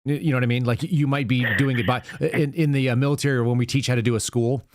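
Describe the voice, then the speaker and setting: A man's voice: mid-range voice, steady tone, quick pace, a little mellow, no echo. A man hosting a call-in show, giving earnest advice in casual chat and walking through examples step by step.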